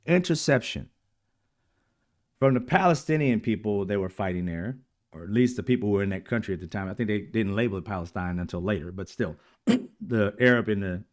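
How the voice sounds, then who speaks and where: A man hosting his own channel, talking in a casual, blunt monologue with frequent swearing and repeated throat clearing. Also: on the low side, lively intonation, a little fast. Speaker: channel host.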